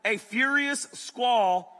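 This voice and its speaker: A man giving an animated, joking sermon as a youth pastor to a large audience. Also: extremely high pitch, drawn-out words. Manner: animated, joking, talks to the crowd. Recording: long hall reverb.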